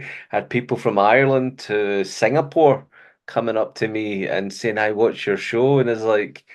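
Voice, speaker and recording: A Scottish man in middle age hosts a faith-centred conversation. His voice sits on the low side and he talks earnestly, often breaking into an easy laugh. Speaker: host. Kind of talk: casual faith interview chat.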